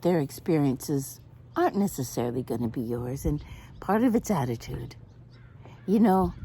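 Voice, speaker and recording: A woman's voice: fairly low pitch, warm tone, a little hiss or hum. An older woman chatting to camera outdoors, telling a story with lots of laughter. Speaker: vlogger.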